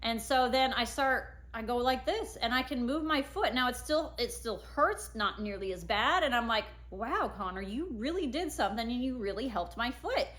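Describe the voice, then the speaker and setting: Woman, thirties, casual storytelling, vivid, clear bright tone, slightly high. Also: normal speed, hardly any pauses. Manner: animated, acts out her own past words. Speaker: mother telling a personal story.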